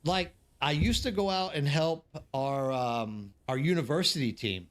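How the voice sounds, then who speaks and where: Rambling male streamer, slightly high voice. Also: animated, unhurried. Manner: rambling anecdotes with many fillers and restarts. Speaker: live stream host. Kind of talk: casual chat with viewers. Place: living abroad in South Korea.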